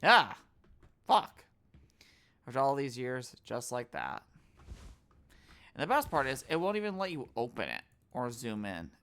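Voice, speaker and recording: Woman streamer, lively pitch, bright tone, casual let's-play chat over faint game music. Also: unhurried, pauses often. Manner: animated, reads game lines aloud and trying out character voices. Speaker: gaming streamer.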